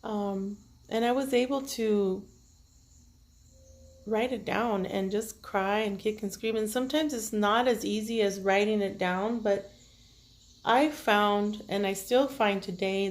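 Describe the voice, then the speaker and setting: A woman with children, speaking to her viewers in an emotional, halting personal monologue as a tarot reader, tearful at times. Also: medium pitch. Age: adult with children. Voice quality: earnest, halting, with many restarts and fillers. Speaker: tarot reader and self-care vlogger.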